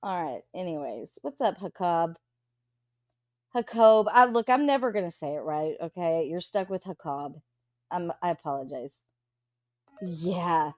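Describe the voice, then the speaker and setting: A woman's voice: fairly low pitch, expressive, unhurried, long pauses, a little mellow, dry recording, highs cut off. Blunt, profane woman streamer. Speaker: livestream host. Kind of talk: casual chat reading out viewer comments.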